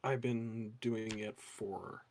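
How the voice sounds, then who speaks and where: Male guest, flat monotone delivery, casual chat, faint noise under the voice. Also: fairly low pitch, takes it slowly.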